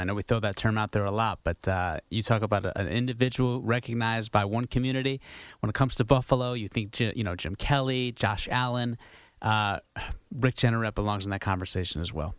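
A man from the radio show's crew speaks hesitantly, filling pauses with ums and restarts. His voice is low, and the sound is dry. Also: no room sound. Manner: hesitant, filler-heavy. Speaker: radio producer.

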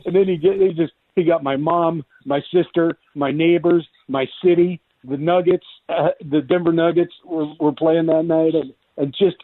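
Voice actor guest on a call-in line, animated, fairly high, phone-thin and dry. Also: male voice, moderate pace, hardly any pauses. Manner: animated, drops into voices and impressions. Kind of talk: casual radio interview. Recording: tinny phone-line sound.

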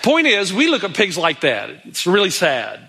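Middle-aged man, pastor, animated sermon delivery, bright tone. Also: high-pitched, normal speed, creaky, slightly rough. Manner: animated preaching, acts out pleading voices of Bible characters.

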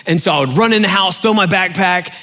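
Brief: pastor, man, slightly high and bright voice, chatty storytelling sermon. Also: fast, soft background music. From southern United States. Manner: conversational, storytelling, many fillers.

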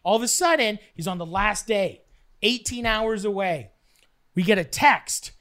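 A young woman from Canada telling a wild story casually, swearing freely and animated. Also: mid-range voice, measured pace.

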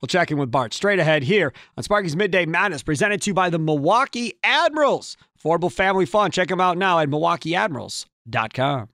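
A male radio host runs a midday sports talk show, his voice sitting a little high as he banters in quick bursts. The studio sound is dry and close. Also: lively intonation, sharp tone, no echo. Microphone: studio microphone.

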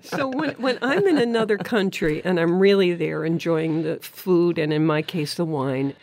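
A woman's voice: fairly low pitch, darkish tone. Chatty woman hosting a radio show. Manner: chatty, laughs often. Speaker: radio talk show host. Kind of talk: studio interview. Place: radio studio.

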